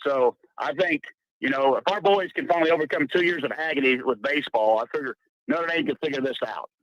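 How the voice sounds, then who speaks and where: A man's voice: a little high, quick pace, fairly bright tone, no echo. A man from Missouri, a small-town coach, calling in and chatting confidently. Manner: chatty, confident, laughs easily. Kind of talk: call-in chat. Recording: dull dry phone line.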